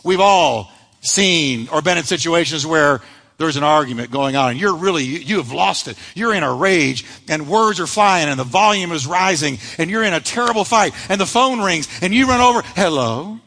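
Bright-voiced preacher in a reverberant hall. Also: male voice, on the high side, moderate pace. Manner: animated storytelling preacher, acts out quoted voices. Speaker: pastor. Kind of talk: sermon.

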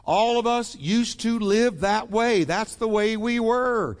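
A man's voice: sits high, takes it slowly, in a large hall. A man preaching a sermon as pastor, emphatic and acting out the voices he quotes.

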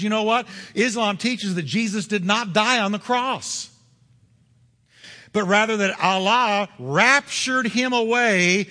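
A man preaching a sermon as pastor, driving points home with repetition and slowing down on key words. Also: high-pitched, sharp tone, big-room sound.

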